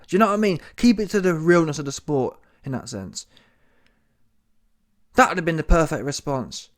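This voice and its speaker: A man giving an exasperated, animated comedy rant about boxing, often repeating himself. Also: fairly high pitch, normal speed, long pauses. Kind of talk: ranting reaction commentary.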